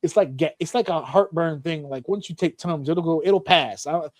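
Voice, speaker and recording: A man's voice: a little high, moderate pace, dry recording. A man hosting a podcast in casual chat, telling stories animatedly and swearing often. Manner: animated, profane storytelling with acted-out shouts. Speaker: podcast host.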